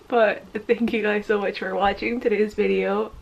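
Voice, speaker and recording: A woman's voice: medium pitch, fairly even intonation, moderate pace, vocal fry. A woman in her twenties vlogging to camera, gushing and teary, breaking into giggles often. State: teary and emotional. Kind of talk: casual emotional vlog to camera.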